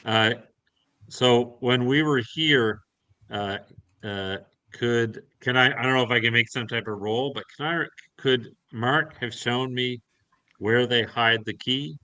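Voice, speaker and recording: Bright-voiced hesitant male player. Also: medium pitch, no room sound. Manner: hesitant, asking questions with halting starts. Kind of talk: tabletop game chat.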